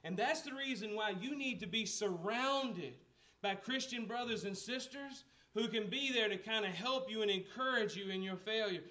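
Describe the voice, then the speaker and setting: A man's voice: high voice, normal speed, sharp tone. A man preaching a sermon as a pastor, talking conversationally, asking the congregation questions and acting out the lines of the people in the story.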